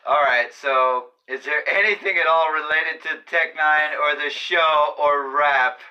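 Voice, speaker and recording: A man's voice: on the high side, fairly even intonation, measured pace, sharp tone, lo-fi sound. A man hosting a podcast, chatting over beers with a teasing, sarcastic, joking manner. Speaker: podcast host. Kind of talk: casual chat over beers.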